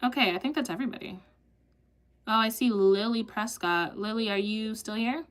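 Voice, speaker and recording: A young adult woman reading tarot on a live stream in casual, animated chat. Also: on the high side, normal speed. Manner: animated, laughs and exclaims often. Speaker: tarot reader.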